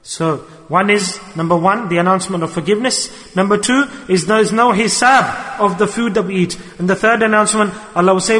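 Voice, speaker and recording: High-pitched preacher in a reverberant hall. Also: male voice, fairly quick, few pauses. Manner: earnest, animated, acts out quoted voices. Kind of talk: sermon.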